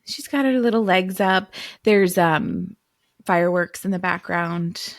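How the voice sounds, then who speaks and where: A woman's voice: lowish voice, measured pace, no echo, clean studio sound. A young woman co-hosting a comedy podcast about romance books, teasing and giggling as she talks. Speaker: podcast co-host. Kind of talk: casual comedic chat.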